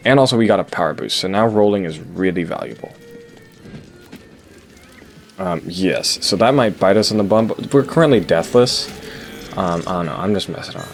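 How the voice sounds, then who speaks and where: A young man with a low voice rambles through casual commentary on his own gameplay, tripping over his words and restarting sentences. Hiccups and small voice cracks break up his speech. Soft music plays faintly behind him. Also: vocal fry. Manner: rambling, self-interrupting, frequent stutters and fillers. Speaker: gaming channel host. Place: home, late at night.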